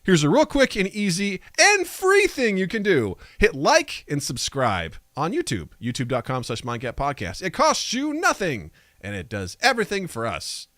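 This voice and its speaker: A man's voice: sits high, wildly swooping pitch, normal speed, a bit bright, no room sound, clean studio sound. A man hosting a casual podcast, goofy and self-mocking as he talks with guests. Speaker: podcast host.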